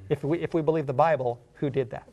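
A man teaching a Bible study, who reads scripture slowly and asks the listener earnest questions. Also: a little high, fairly even intonation, dark tone, muffled recording. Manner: earnest, slows down to read scripture aloud.

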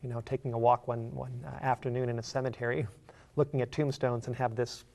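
Gravelly-voiced male preacher. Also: mid-range voice, little pitch movement, brisk, a little mellow. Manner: conversational, with fillers and repeated words. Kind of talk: sermon reading and explaining scripture.

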